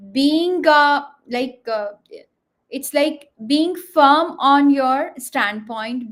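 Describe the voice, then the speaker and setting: High-voiced woman explaining communication tips. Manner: explanatory, frequent fillers, demonstrates intonation. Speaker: communication trainer guest. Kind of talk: panel discussion explanation.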